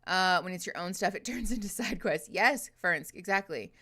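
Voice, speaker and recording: Close to her desk microphone, a female livestream host talks with viewers in a casual way, giggling a lot, cursing without restraint, and filling her speech with fillers. Her voice is lowish and sharp in tone, animated, and at a normal speed.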